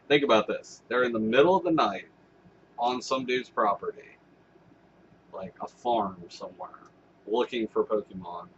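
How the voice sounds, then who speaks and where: A man's voice: on the low side, dull audio, slight background noise. Rambling, foul-mouthed male vlogger. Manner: rambling, swearing, laughing asides. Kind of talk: casual vlog commentary.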